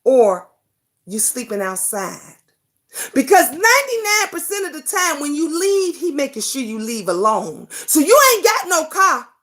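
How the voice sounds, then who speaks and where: A woman's voice: sits high, big pitch swings, measured pace, fairly bright tone. A woman hosting a livestream talk show, speaking fervently, swearing freely, addressing viewers by name, and hammering home repeated rhetorical questions. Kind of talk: impassioned casual livestream talk.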